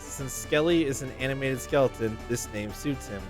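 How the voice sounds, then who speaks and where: A man's voice: mid-range voice, moderate pace, music in the background. A man streaming a playthrough of a game, talking casually with profanity and wry exasperation.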